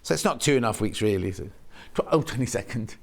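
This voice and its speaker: A man's voice: on the low side, expressive, quick pace, creaky. A man presenting on a live shopping channel from a TV studio, chatting rambly to viewers and correcting himself as he goes. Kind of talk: live sales presenting, reading viewer messages.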